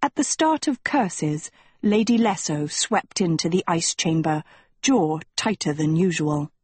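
A woman reading a storybook aloud with measured, expressive narration. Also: fairly low pitch, husky, dry recording. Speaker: audiobook reader.

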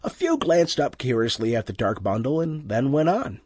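A man narrates an audiobook with tense, expressive storytelling. His husky voice moves across a wide pitch range, and the dry, close sound leaves no room echo. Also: normal speed.

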